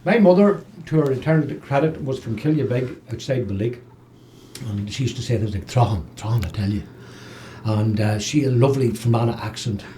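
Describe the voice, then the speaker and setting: A man's voice: medium pitch, slight background noise. Give me a chatty Northern Irish man hosting. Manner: lively, chatty, quick to laugh. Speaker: radio host. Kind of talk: casual chat.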